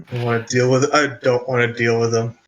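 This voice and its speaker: A man's voice: mid-range voice, level tone, a little fast. A man joking along as a player in a tabletop game.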